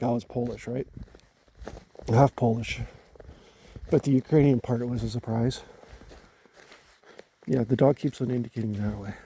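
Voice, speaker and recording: A man from Canada talking casually to his phone in the woods at night, halting and musing as he repeats words while gathering his thoughts. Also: medium pitch, mellow, slight background noise. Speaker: vlogger. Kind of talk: casual rambling talk to camera. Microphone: handheld phone.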